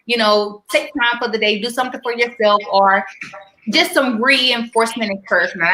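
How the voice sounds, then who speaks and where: Bright, lively woman hosting a live stream. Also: fairly high pitch, normal speed, echoey room, slight background noise, rough recording. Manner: animated and silly, gets loud when excited. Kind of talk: casual live stream chat.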